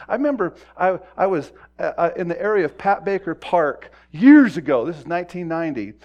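A middle-aged man preaching a sermon in a conversational way, acting out quoted voices and moving from quiet talk to loud emphasis. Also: sits high, very animated, moderate pace, hardly any pauses. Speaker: pastor.

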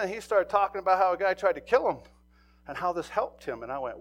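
A middle-aged man preaching a sermon, telling a story and swinging between loud bursts and hushed near-whispers. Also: high voice, expressive, fairly quick. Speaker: pastor.

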